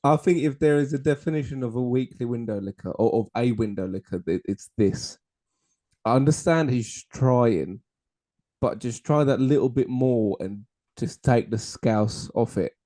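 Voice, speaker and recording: Mellow-voiced young man, laid-back co-host. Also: mid-range voice, moderate pace. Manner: laid-back, hesitant with fillers. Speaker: podcast co-host. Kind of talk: casual chat.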